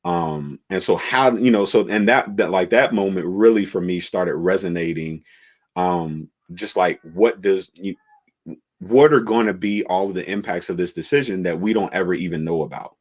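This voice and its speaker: A man, a pastor, telling the story of his church's beginnings in a relaxed conversational way, with many fillers and restarts. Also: low-pitched, moderate pace.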